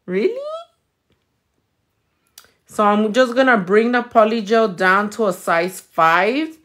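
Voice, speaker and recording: A nail technician from California, with a Californian accent, chats casually and playfully while doing nails and reading comments. She swears freely and mixes in Spanish words, speaking unhurriedly in a mid-range, slightly bright voice.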